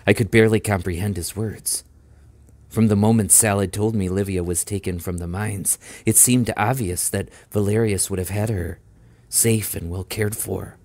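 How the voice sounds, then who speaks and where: A man with a deep, low voice reads a novel aloud for an audiobook. His narration is steady and measured, and the sound is close and dry with no room around it. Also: dry recording. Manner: steady, measured first-person reading. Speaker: audiobook reader.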